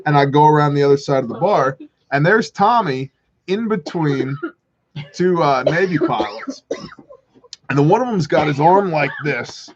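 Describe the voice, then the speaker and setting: A man hosting a livestream, telling stories in an animated, casual way and swearing freely. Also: fairly high pitch, moderate pace, highs cut off. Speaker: livestream host. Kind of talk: casual storytelling chat.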